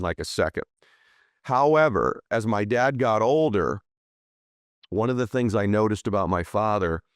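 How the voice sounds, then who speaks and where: Male interview host, smooth voice, dry close sound, casual and informal. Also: lowish voice, dry recording.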